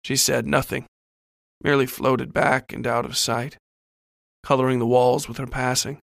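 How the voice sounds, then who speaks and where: A man's voice: mid-range voice, level tone, moderate pace, clear, resonant tone, no echo, studio quality. A man reading a first-person horror story in a scripted narration style.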